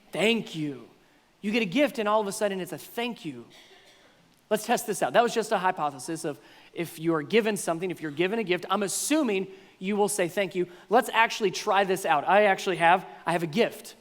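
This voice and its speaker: A man preaching a sermon as pastor, animated and playful, now and then acting out what people might say. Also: high-pitched, long reverb tail. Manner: animated, acts out voices of congregants with playful exaggeration. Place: church sanctuary.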